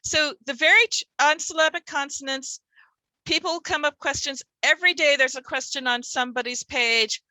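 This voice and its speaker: A woman's voice: high voice, moderate pace, bright, forceful tone, no echo. A woman presenting a workshop for reading teachers, emphatic and full of rhetorical questions.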